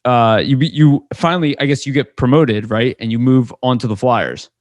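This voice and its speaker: A man's voice: mid-range voice, no room sound. A man hosting a sports podcast, earnest and opinionated in casual chat. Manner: earnest and opinionated, quick asides. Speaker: podcast host.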